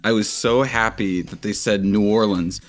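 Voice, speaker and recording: A man's voice: on the low side, steady tone, normal speed, faint music behind. A man from the US Gulf Coast co-hosting a casual podcast, rambling and opinionated. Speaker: podcast co-host. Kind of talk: casual chat.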